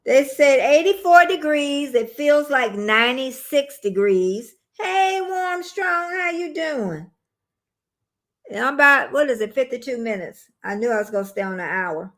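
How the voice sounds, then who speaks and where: A woman's voice: high voice, expressive, measured pace, fairly bright tone. A woman, chatting casually with viewers on a phone livestream, rambling and calling them y'all. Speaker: livestream host.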